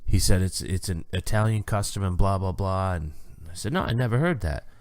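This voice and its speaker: A man's voice: low-pitched, brisk, dry recording. A man co-hosting a podcast, telling a restaurant story in casual chat and acting out other people's lines. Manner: animated storyteller, acts out waiters' lines. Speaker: podcast co-host.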